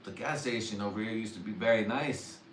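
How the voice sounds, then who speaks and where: A man's voice: fairly low pitch, brisk, a little hiss or hum. A man doing crude, rambling comedy on a livestream, swearing freely and laughing at his own jokes. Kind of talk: crude stand-up riffing on a livestream. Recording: roomy sound, distant from the mic, faint ambience.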